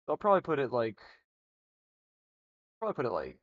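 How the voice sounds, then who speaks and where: Brisk and medium-pitched, a young man's voice swings hugely in pitch as he streams live. He rambles casually through rankings, restarting and swearing, all in dull lo-fi stream audio.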